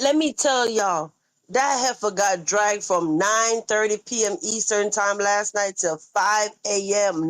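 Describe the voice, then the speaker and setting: A woman hosting a casual gossip livestream, teasing loudly and laughing often. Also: mid-range voice, no room sound. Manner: loud teasing banter with frequent laughter. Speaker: livestream co-host.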